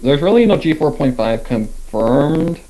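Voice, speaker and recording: Animated, laughing panel chatter. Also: male voice, on the high side, measured pace, low-quality recording. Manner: laughs often, animated, rambling with fillers. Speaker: YouTube reactor, panelist. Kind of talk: casual panel chat.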